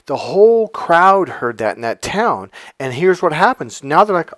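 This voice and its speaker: A man's voice: medium pitch, sing-song, moderate pace, hardly any pauses, no echo. A man talking as a life coach, telling stories and pressing his points through emphatic repetition in a casual motivational monologue.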